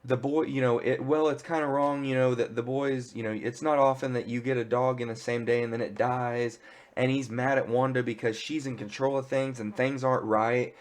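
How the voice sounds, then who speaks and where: A man casually retelling a TV episode in an excited, rambling way, full of filler words. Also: medium pitch, moderate pace. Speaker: pop culture reviewer. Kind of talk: casual spoiler recap.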